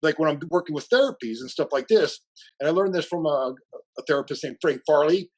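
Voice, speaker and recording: A man's voice: on the high side, expressive, fairly quick, darkish tone, low-quality recording. A man being interviewed as a coach, chatting casually and animatedly, acting out bits of dialogue and laughing often. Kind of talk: casual conversational storytelling.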